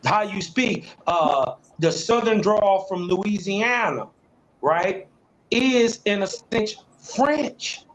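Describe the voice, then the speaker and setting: High-voiced man chatting slowly. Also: lively intonation, a bit bright, poor audio. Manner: laid-back, laughs often, swears. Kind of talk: casual chat.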